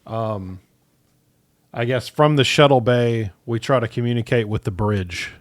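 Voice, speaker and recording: A man's voice: medium pitch, a little slow. A man playing a tabletop role-playing game, talking in a hesitant way and thinking aloud. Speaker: player. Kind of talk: casual tabletop role-play.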